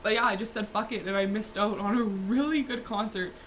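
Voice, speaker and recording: A woman's voice: medium pitch, steady tone, brisk, fairly bright tone, a little hiss or hum. A young woman, telling a story casually with lots of "like" fillers, swearing and laughing. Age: young adult. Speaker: vlogger.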